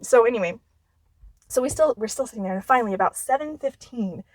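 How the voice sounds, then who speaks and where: Woman cohost telling a story, kinda high voice, acts out everyone, dry room. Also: fast, no room sound. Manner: animated storyteller, acts out quotes with big pitch jumps. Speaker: podcast co-host. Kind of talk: casual storytelling chat.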